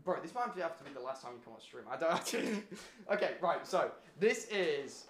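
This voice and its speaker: A high, bright-voiced man running a live stream, swinging his pitch up and down as he gets excited. He swears freely and laughs often while chatting with friends. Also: fairly quick, echoey room. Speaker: streamer host. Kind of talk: casual chat.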